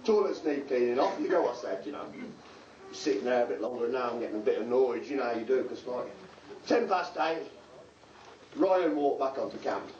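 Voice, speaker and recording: A man's voice: medium pitch, normal speed, pauses often, darkish tone. An English man telling a long joke on stage at a group show, acting out the voices of the people in the story. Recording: roomy, distant, dull amateur video with faint hum.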